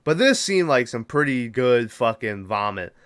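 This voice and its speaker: A man's voice: medium pitch, sing-song, moderate pace, fairly bright tone, clear, resonant tone. A man hosting a podcast, recapping a movie in a rambling, profane, casual way and doubling back when he forgets things. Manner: rambling, profane, loses track and backtracks. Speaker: podcast host.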